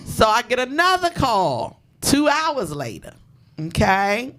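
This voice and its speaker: Lively D.C.-accented woman storyteller. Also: a little high, slow. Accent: Washington, D.C. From Washington, D.C. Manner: loud, profane, laughs often. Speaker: podcast host. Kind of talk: animated storytelling chat.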